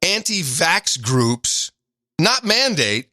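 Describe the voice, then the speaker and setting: A man's voice: fairly high pitch, very animated, sharp tone, dry recording, studio quality. A man co-hosting a podcast, chatting casually and irreverently, often laughing and joking about news clips. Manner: laughing, irreverent, quick to joke. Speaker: podcast co-host. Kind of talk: casual chat.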